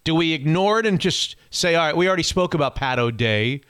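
A man co-hosting a casual podcast chat, getting animated and rising high when he vents. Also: a little fast, clear, resonant tone. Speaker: podcast co-host.

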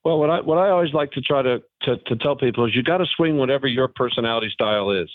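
A former pro golfer, a man, talking haltingly but frankly as a phone-in guest on a radio interview. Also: mid-range voice, no room sound. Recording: tinny phone line.

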